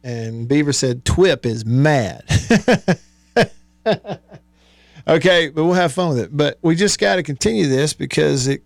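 Man hosting talk radio, chatty and rambling, slightly high voice, dry studio mic. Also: animated, normal speed, vocal fry, no room sound. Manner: chatty, rambling, laughs often, reads sponsor plugs. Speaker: radio show host. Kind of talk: casual sports-talk radio chat.

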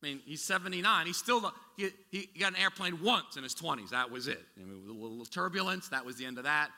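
A pastor preaches a sermon conversationally, full of restarts and asides. His fairly high voice is bright and forceful, quick-paced with lively intonation, echoing through a hall with long reverb.

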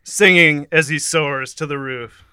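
Recorded dry with clean studio sound, this man's voice is a little high, sharp and smooth, and his pace unhurried. He's a comedic narrator doing a playful, giggly play-by-play of an imagined scene while a song plays, regularly breaking into laughter.

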